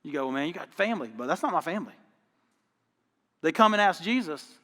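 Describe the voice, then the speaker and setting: A man's voice: fairly high pitch, expressive, quick pace, long pauses, sharp tone, in a large hall. A man preaching a sermon as pastor, telling stories in an emphatic, folksy, conversational way. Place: church auditorium.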